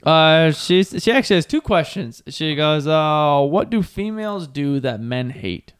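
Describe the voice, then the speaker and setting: A young man co-hosting a podcast, joking and swearing loudly and jumping high in pitch as he tells stories. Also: expressive, a little slow, clear, resonant tone. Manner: loud, profane and joking, swings pitch up high when telling stories. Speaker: podcast co-host. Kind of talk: casual chat.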